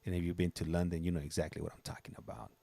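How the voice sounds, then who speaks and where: A man with a very deep, gravelly voice hosts a livestream in loose, rambling chat. He circles back and restarts his sentences often, and the sound is dry and close. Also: flat delivery, racing, dark tone, no room sound. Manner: rambling, chatty, many restarts. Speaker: livestream host. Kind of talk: casual chat.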